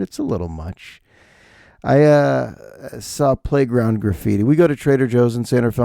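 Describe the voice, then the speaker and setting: A man in his thirties riffs through a comedic podcast monologue, jokey and ranting, slipping into little put-on voices. His voice is warm and mellow with a gravelly edge, and his pitch swings widely. The recording is dry and close. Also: no echo. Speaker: podcast host.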